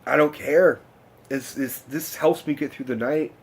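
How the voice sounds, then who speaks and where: A man's voice: fairly high pitch, fairly even intonation, measured pace, slightly rough. A young man, telling a story in a casual, rambling, profane rant to camera. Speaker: vlogger.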